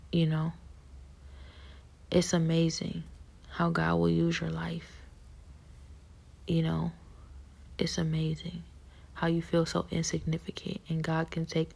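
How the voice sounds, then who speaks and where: A woman giving a personal faith testimony in a soft, halting voice that often drops to a half-whisper. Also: low voice, vocal fry, breathy edge.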